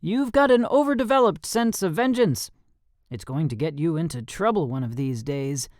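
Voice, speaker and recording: A man's voice: on the high side, lively intonation, normal speed, darkish tone, no echo, pitched above the performer's own voice, natural voice. A man voicing a confident young male combat trainer who coaches with dry teasing.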